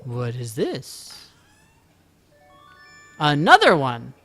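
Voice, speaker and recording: A man streaming a farming game, chatting casually and playfully, teasing his viewers and breaking into excited outbursts. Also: medium pitch, drawn-out words. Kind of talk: casual live-stream chat. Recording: faint music behind.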